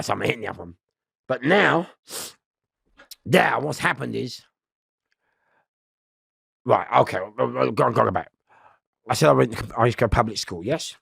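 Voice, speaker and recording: A man tells prison stories as an interview guest. He is loud and rambling, and laughs often. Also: medium pitch, gravelly, husky, dry recording, studio quality. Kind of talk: storytelling in a podcast interview.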